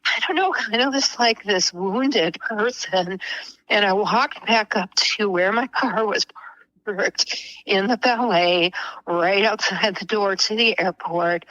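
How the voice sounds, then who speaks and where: A middle-aged woman, a podcast guest, telling an emotional personal story in a slow, earnest way. At tender moments she drops to a whisper. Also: mid-range voice, sharp tone, dry recording, lo-fi sound.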